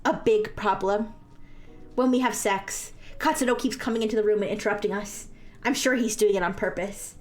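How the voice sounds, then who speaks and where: A woman's voice: mid-range voice, steady tone, moderate pace. A woman streamer reading fanfiction aloud with mock-dramatic, amused asides.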